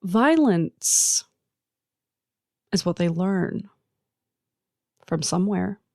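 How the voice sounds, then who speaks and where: An adult podcast host who works with teenagers gives an earnest, emphatic solo monologue, laying out points in slow, measured lists. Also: mid-range voice, expressive, gravelly, a little mellow, no room sound, clean studio sound.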